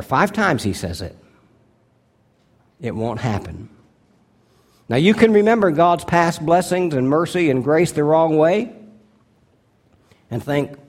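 A male pastor preaching a sermon, earnest and deliberate, slowing down to stress key words and dropping to a hushed tone for his appeals. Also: on the high side, animated.

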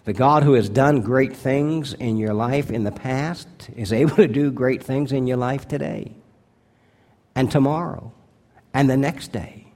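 Delivering his sermon in a medium-pitched voice, a pastor speaks with earnest deliberation, easing the pace on important words and lowering to a near whisper when he makes appeals.

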